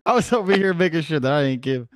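A man's voice: a little high, expressive, quick pace, no room sound. Laid-back man who chuckles often. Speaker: podcast co-host. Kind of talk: casual chat.

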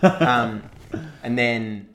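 A man's voice: mid-range voice, drawn-out words, a loud crowd. Young Australian man telling stories. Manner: animated, laughing storyteller with frequent restarts. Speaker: podcast co-host. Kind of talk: casual chat, storytelling.

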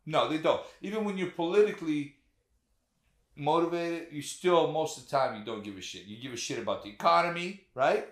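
Animated, profane man ranting about politics. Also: on the high side, fairly quick, echoey room. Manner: animated, profane, rhetorical questions. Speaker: podcast co-host. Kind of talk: casual political chat.

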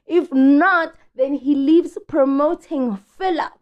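A woman's voice: high-pitched, lively intonation, slow. A woman hosting a podcast, chatting casually about celebrity gossip in a slangy, chatty way and stretching words out for emphasis. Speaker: podcast host.

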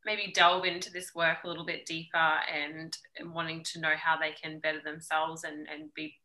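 Bright-toned woman podcast host. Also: low voice, level tone, normal speed, low-quality recording. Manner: affirming, asks open questions. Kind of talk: casual interview chat.

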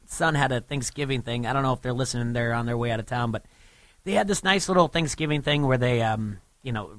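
A man's voice: mid-range voice, quick pace, fairly bright tone, dry recording. A man in his thirties co-hosting a sports radio show in a studio, telling a rambling story and laughing easily. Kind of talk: casual radio banter. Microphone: studio microphone.

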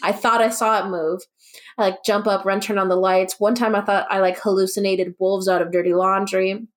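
A woman's voice: medium pitch, flat delivery, fairly quick. A young woman co-hosting a podcast, telling stories in a casual chat with a sarcastic streak and lots of "like". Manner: storytelling, sarcastic, says "like" a lot. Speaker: podcast co-host.

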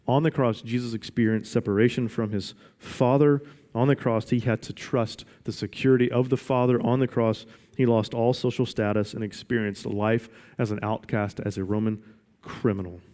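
A man's voice: medium pitch, darkish tone. Man preaching in an echoing hall. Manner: emphatic, repeats questions for weight. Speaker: pastor. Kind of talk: sermon. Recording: long reverb of a large hall.

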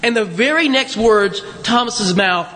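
A pastor in a church sanctuary preaches in a conversational style, filling his sermon with rhetorical questions and asides to the congregation. His voice is high-pitched, expressive and sharp, and he takes his time. The long reverb of a large hall surrounds him.

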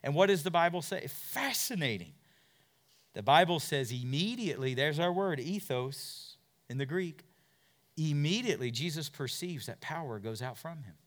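A man preaching a sermon in a lively voice that climbs high and drops low again. He moves from loud, urgent passages to hushed asides and keeps putting questions to his listeners. His voice sits a little higher than most men's. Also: moderate pace. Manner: dramatic, swings from loud to hushed; asks the listeners many questions.

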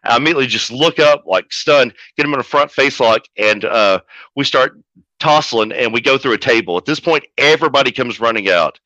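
A man who manages pro wrestlers, telling a story as a podcast guest in a profane, animated way. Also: medium pitch, brisk, no room sound. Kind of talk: casual storytelling. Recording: dull lo-fi audio.

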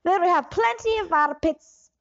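A woman's voice: extremely high pitch, a little fast, vocal fry, a bit bright, lo-fi sound, heavily acted. A woman improvising a bumbling scammer who poses as a doctor, rambling and switching accents. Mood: scheming. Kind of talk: improvised comedy interview.

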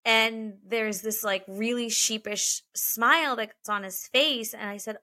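A woman's voice: on the high side, fairly even intonation, measured pace, hardly any pauses, pushed and bright. A woman in her thirties, a podcast co-host, chatting candidly and emotionally and swearing freely. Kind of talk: casual chat.

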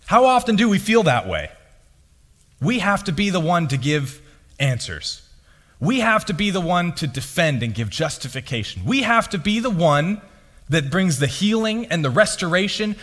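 A man preaching a sermon as pastor, his delivery swinging between loud and hushed. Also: sits high, big pitch swings, moderate pace. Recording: long reverb of a hall.

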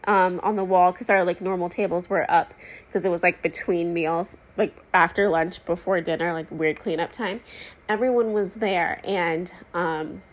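A pregnant woman in her thirties hosting a casual talk show, telling a long story in a chatty, rambling way with many fillers and asides. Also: on the low side. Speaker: podcast host.

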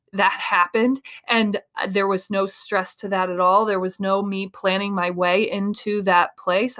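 A woman from Iowa giving an emphatic motivational talk as a speaker and coach. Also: mid-range voice. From Iowa, USA. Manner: animated, emphatic, acts out quoted voices.

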